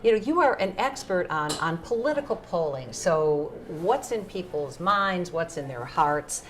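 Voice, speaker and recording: Low-voiced woman tv host, measured and earnest, voice moves around a lot. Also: expressive, slight background noise. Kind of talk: scripted TV presenting and interviewing.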